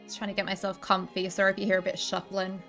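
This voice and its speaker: Giggly woman gamer chatting away, kinda out of breath, mid pitch, soft music under it. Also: completely flat delivery, very fast. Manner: chatty, giggly, self-deprecating. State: a bit out of breath. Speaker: game streamer and voice actor. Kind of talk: casual gameplay commentary. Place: home, seated.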